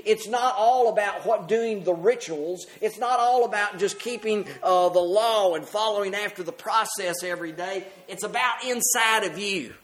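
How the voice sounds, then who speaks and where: A man preaching a sermon, reading scripture aloud and explaining it to the congregation, rising on the readings and dropping soft at phrase ends. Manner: rises in pitch and volume on scripture, drops soft and slow at phrase ends.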